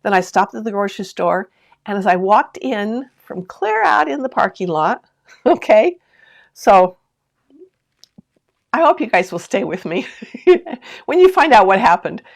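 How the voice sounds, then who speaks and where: A woman's voice: medium pitch, very animated, measured pace, vocal fry, pauses often. A woman hosting a sewing live stream from home, chatting to viewers, reading out their comments and laughing often as she tells a story. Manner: talks straight to viewers with lots of asides and questions. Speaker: sewing channel host.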